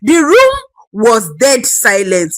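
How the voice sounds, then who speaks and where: A woman's voice: on the high side, wildly swooping pitch, slow, a bit bright, no echo, rough recording. A woman narrating a dramatic family story expressively.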